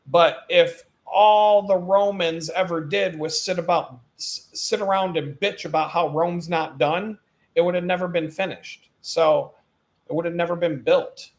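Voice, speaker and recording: A man hosting his own live stream in an animated, profane ranting monologue, laughing at his own jokes as he goes. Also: high voice.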